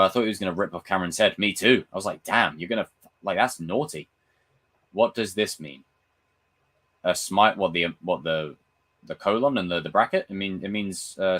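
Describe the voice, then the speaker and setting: A young man chatting casually on his live stream, reading viewer comments, swearing freely and acting out film scenes with loud impressions. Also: sits low. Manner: animated, swearing, reads and answers chat comments. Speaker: livestream host.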